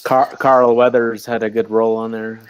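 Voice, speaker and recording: A man's voice: on the low side, little pitch movement, normal speed. A man appearing as a guest, chatting casually in a hesitant way with repeated words. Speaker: guest, aquarium shop owner. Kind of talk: casual chat.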